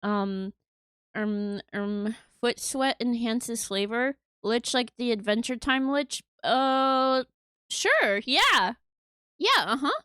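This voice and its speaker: A woman's voice: fairly high pitch, lively intonation, slow pace, bright, forceful tone, clear, resonant tone, no echo, studio quality. A woman livestreaming from home, chatting playfully and giggling with her viewers at a desk microphone. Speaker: streamer. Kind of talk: casual livestream chat. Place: home room.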